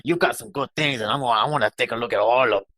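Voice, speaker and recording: A man's voice: mid-range voice, racing, pushed and bright. A man playing a tabletop game, rambling and asking questions in casual chat. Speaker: player. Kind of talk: casual tabletop role-play.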